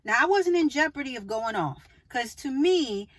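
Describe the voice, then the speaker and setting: Woman vlogger, casual storytelling, chatty and animated, fairly high voice. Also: normal speed, poor audio. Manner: chatty, animated retelling with asides to the viewer.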